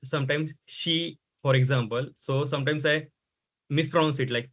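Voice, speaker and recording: Halting male student, Marathi native. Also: a little high, steady tone, fairly bright tone, highs cut off. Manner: hesitant, halting explanation. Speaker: workshop participant.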